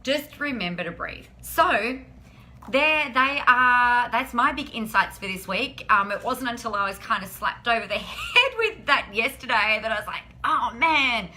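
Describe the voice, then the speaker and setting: A woman's voice: on the high side, very animated, moderate pace, pushed and bright, slight background noise. A woman hosting a live stream, chatting in an upbeat, encouraging way and often saying "like". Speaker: host of a weekly live business show. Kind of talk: casual live-stream chat.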